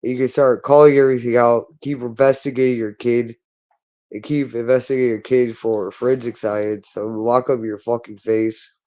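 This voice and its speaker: A man with a mid-pitched voice delivers an angry monologue, circling back to the same harsh phrases over and over. He sounds berating and hostile throughout, swearing constantly as he goes. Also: little pitch movement, moderate pace, mellow. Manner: hostile, repetitive and profane, berating.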